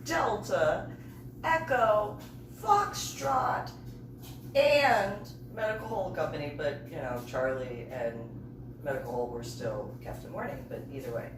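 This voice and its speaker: A woman reverend telling funny personal stories in an animated way, laughing and making sound-effect voices. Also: on the low side, unhurried, noisy background. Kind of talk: comedic personal storytelling. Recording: roomy room, distant mic.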